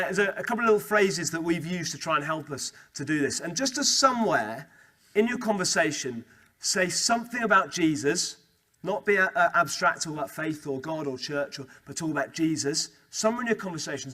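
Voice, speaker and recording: A young man giving a lively, conversational talk to a student Christian group, repeating key phrases for emphasis. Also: a little high, a little fast. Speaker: speaker at a student Christian Union meeting. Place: student meeting room.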